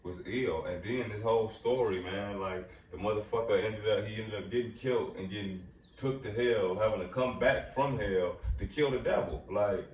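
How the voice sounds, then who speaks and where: A man's voice: on the low side, moderate pace, few pauses, darkish tone, muffled recording. A man co-hosting a podcast in casual chat, laid-back, profane and slangy. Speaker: podcast co-host. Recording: roomy room, distant mic, faint noise.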